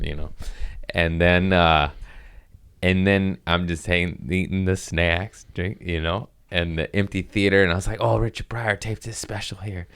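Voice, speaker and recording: A comedian in his thirties tells a loose, rambling story on his own podcast, stopping to laugh and to talk to his cats. His voice sits very low, and it is smooth and clear. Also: fairly bright tone. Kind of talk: casual storytelling monologue.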